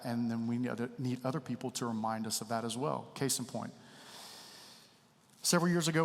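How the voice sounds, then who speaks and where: A preacher with a mid-range voice gives a relaxed, confessional sermon, telling candid, conversational stories from his own life. The long reverb of a church sanctuary surrounds the sound.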